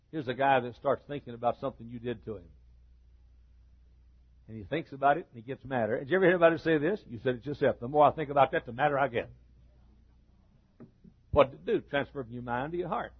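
A middle-aged man preaching a sermon as a pastor, building a repetitive cadence that rises to shouts. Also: medium pitch, a little fast, pauses often, slightly rough. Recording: dull lo-fi recording.

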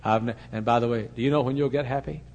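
A man's voice: mid-range voice, fast, highs cut off, a little hiss or hum. An older man preaching a sermon, telling a story and acting out both sides of a conversation, laughing now and then. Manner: animated storyteller who acts out the voices in the story and laughs as he talks.

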